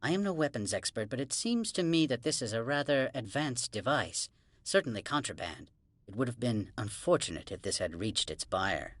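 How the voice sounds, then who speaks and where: A man's voice: medium pitch, sing-song, normal speed, a bit bright, dry recording. An actor playing a formal, curt male official in a science-fiction video game.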